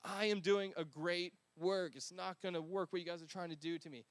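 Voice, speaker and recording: A man voicing a determined male leader who speaks slowly and firmly. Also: high-pitched, steady tone, no room sound, lightly acted. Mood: resolute. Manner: slow, firm, determined. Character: resolute male leader rebuilding a wall.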